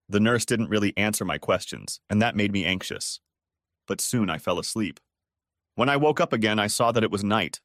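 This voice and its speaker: A man narrating a dramatic first-person story in an expressive, scripted way. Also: on the low side, fairly quick, no echo, studio quality.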